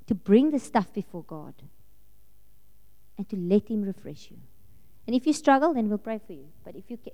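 Woman preacher telling her story in church, laughs a lot, mellow kinda high voice, big hall echo. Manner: animated storytelling, laughing often. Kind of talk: sermon testimony. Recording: long reverb of a large hall.

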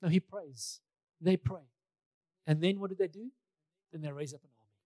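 A man's voice: sits high, normal speed, dark tone, no room sound. A male pastor preaching a sermon in a conversational way, repeating key phrases for emphasis, with touches of light humor.

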